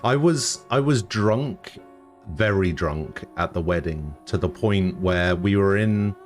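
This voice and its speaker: A British man streaming live, chatting casually with dry, deadpan humor and some swearing as he answers chat. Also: low-pitched, takes it slowly, soft background music.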